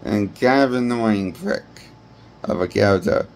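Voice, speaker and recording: A man's voice: on the low side, unhurried, a little mellow. A man giving a rambling, blunt and profane movie review. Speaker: movie critic. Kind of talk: ranting film review.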